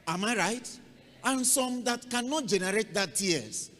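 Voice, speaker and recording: A man's voice: high voice, expressive, measured pace, fairly bright tone. A male pastor preaching a sermon, telling a scripture story dramatically and acting it out. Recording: long hall reverb, faint noise.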